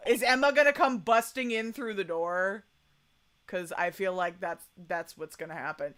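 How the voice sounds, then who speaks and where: A woman's voice: mid-range voice, normal speed, a bit bright, soft background music. A young woman streamer giving giggly, chatty commentary on a game she is playing. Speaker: gaming streamer. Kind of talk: casual let's-play commentary.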